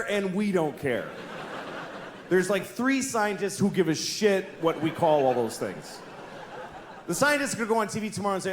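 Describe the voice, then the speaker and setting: A man performing a stand-up comedy set, delivering blunt, profane deadpan observations. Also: high-pitched, moderate pace. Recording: echoey live room with audience noise. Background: audience laughter.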